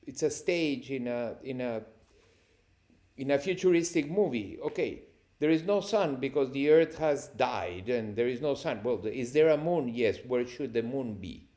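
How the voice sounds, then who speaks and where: A man's voice: medium pitch, normal speed. Cinematographer guy telling war stories, laughing a lot, mid voice. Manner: animated, laughing anecdotes. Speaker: cinematographer guest. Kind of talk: storytelling interview answers.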